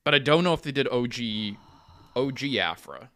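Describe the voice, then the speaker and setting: A man co-hosts a podcast in casual chat. His voice sits mid-range with a bright, forceful edge, and he talks in a relaxed, easygoing way. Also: medium pitch, normal speed. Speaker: podcast producer and co-host.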